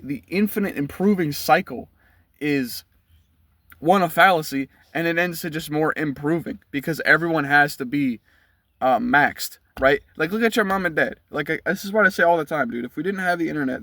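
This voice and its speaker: A man's voice: fairly high pitch, moderate pace, a bit bright, dry recording, studio quality. A man, ranting bluntly and profanely from inside his car. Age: 20s. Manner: blunt, profane, heated rant. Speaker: vlogger. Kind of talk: ranting commentary.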